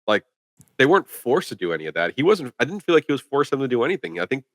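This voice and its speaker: A man's voice: mid-range voice, sing-song, racing, a bit bright, no room sound. A man co-hosting a podcast, chatting casually about a film in a rambling way full of "like". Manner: rambling, filler-heavy with lots of "like". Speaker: podcast co-host. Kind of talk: casual chat, movie review.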